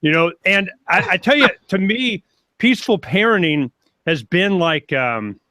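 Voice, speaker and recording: An older man and grandfather talking casually as a panel guest on a video call, rambling and animated as he tells stories. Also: high-pitched, unhurried, no room sound.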